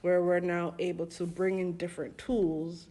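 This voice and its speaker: A woman on a podcast, telling personal stories in a casual, animated way and acting out what people said. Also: on the low side, normal speed. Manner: animated storytelling, acting out quoted voices with laughs. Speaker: podcast co-host.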